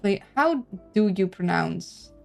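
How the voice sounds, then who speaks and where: A woman's voice: mid-range voice, expressive, moderate pace, gravelly, soft background music. A woman casually playing a narrative game, reading its text aloud with chatty, playful asides and stumbles over names. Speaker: let's-play streamer.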